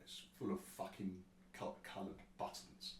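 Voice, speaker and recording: A man's voice: low-pitched, flat delivery, moderate pace, slight background noise. A man voicing a flamboyant male wolf-like alien who is grinning, fussy, and politely gushing. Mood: delighted. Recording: roomy sound from a distant mic.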